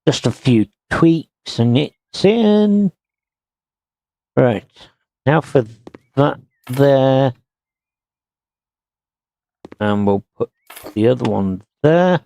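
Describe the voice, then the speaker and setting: A man streaming a house-renovation game, muttering slowly to himself as he places items. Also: mid-range voice, animated, vocal fry, warm tone. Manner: slow, muttering to himself while working. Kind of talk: casual gameplay commentary.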